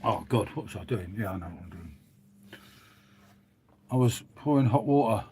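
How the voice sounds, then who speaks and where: A man's voice: lowish voice, animated, moderate pace, mellow, husky. A man hosting a casual livestream at home, rambling chattily and calling his viewers mate. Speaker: livestream host reading chat. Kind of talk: casual chat with live viewers. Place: at home making a hot drink.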